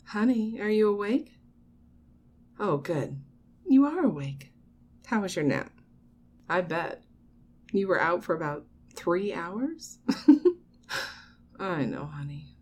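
A woman playing a doting mother who talks to her grown son in a soft, coaxing audio role-play. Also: fairly low pitch, slight background noise. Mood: gentle coaxing. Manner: soft, coaxing, slow, with frequent nervous laughs.

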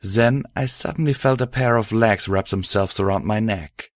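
A man narrating a story aloud in a steady, even storytelling manner. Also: fairly low pitch, moderate pace, dry recording, studio quality. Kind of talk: audiobook reading of fan fiction.

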